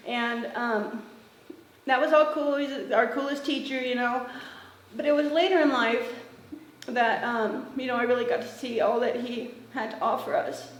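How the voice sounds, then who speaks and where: A middle-aged woman from Northern California gives a conversational tribute at a memorial, with frequent fillers and restarts. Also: on the high side. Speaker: former student giving a eulogy. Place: memorial gathering in a roomy hall. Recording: roomy echo with faint ambient noise.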